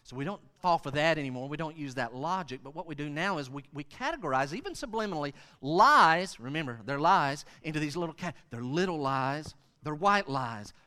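A middle-aged man from Western North Carolina, preaching an animated sermon as pastor. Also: fairly high pitch, fairly quick, few pauses, long reverb tail. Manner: animated preaching, acts out kids' voices.

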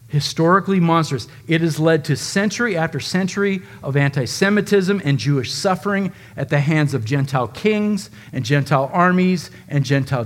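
A man preaching a sermon, dramatically acting out quoted lines with shifting loudness. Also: a little high. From United States. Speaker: pastor.

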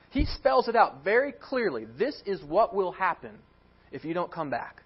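A man preaching a sermon as pastor, animated, acting out quotes. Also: high voice, normal speed, husky, lo-fi sound.

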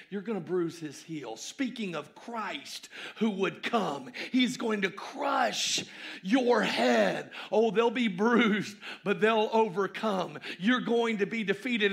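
A man preaching a sermon to his congregation, repeating key phrases and swinging between loud emphasis and quieter asides. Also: high-pitched. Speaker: pastor.

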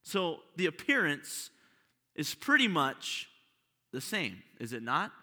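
A man's voice: fairly high pitch, wildly swooping pitch, takes it slowly, bright, forceful tone. A pastor preaching a sermon to his congregation, often asking them rhetorical questions. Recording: long hall reverb.

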